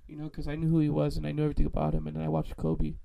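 Gravelly man saying "dude" a lot. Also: on the high side, rapid-fire. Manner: excitable, peppered with "dude". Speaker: podcast co-host. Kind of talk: casual chat.

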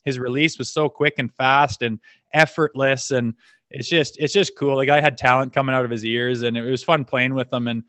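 A man's voice: medium pitch, fairly even intonation, moderate pace, a bit bright, dry recording. A laid-back middle-aged man from Canada telling stories in a casual, rambling way, laughing often and cursing freely. His voice sits in an ordinary middle register. The recording is close and dry, with no room sound. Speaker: podcast guest, former hockey player. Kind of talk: casual storytelling.

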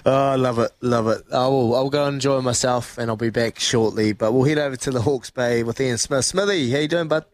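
A young man with a New Zealand accent chatting on breakfast radio. His talk is upbeat and full of easy laughs, and his voice sits at an ordinary pitch. The sound is dry and close. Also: a little fast, hardly any pauses, no room sound. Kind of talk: casual radio banter.

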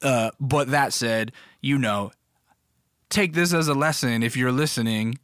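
A man's voice: mid-range voice, a little slow, a bit bright, no echo, studio quality. A young man telling a story in a casual, blunt and profane rant, acting out other people's voices as he goes. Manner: profane, blunt, acts out voices in his stories.

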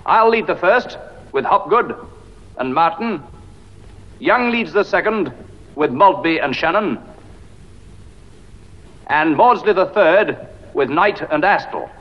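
An air force commander briefs his bomber crews. His voice is high and animated, brisk and commanding. The old film audio is dull and rings with a long reverb. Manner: brisk, commanding, lists names methodically. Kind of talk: 1950s war film dialogue.

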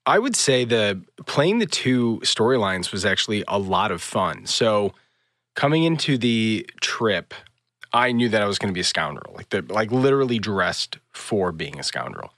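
Lively storytelling man, dry close sound. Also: fairly low pitch, normal speed, dry recording. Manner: animated storyteller, acts out dialogue. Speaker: podcast host. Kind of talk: casual chat.

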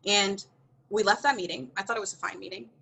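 Guest spot: American woman, bright and forward voice, candid and expressive, laughs through the story. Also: mid-range voice, fast talker, gravelly, slightly rough, poor audio. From United States. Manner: earnest and expressive, often laughing mid-story. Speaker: podcast guest.

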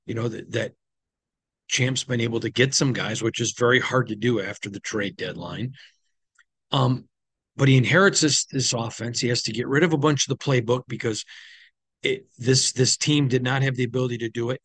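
Tired and yawning, a sports team insider hosts a recap podcast, speaking in an opinionated, conversational way full of ums. His medium-pitched voice is a bit bright with a breathy edge, on a dry recording.

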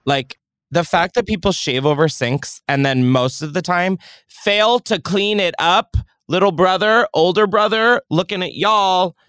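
A man's voice: high-pitched, unhurried, clean tone, dry recording, studio quality. A man hosting a podcast, chatting casually with jokes and swearing. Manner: joking, profane, animated storytelling. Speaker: podcast host.

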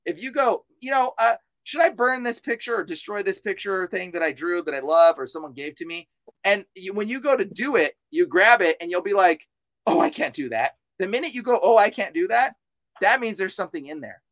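A man's voice: high-pitched, animated, a little fast, a bit bright, no echo. A man talking as an exorcist guest on a podcast, fervent and insistent, repeating himself and mixing in casual slang. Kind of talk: preachy podcast talk.

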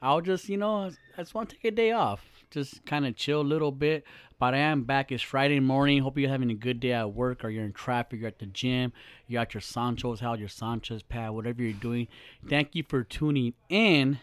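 A man's voice: mid-range voice, brisk, clean tone, no room sound. A young man hosting a podcast, chatting casually, joking and swearing freely in a small studio. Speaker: podcast host.

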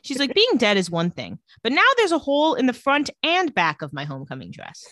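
A woman co-hosting a podcast, recapping a TV episode in casual chat and retelling scenes in a flat, lowered voice. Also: a little fast, no echo, clean studio sound.

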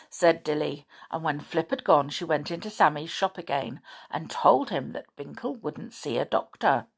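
A woman reading a children's story aloud, gentle and expressive. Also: low voice, normal speed, gravelly, few pauses, breathy edge.

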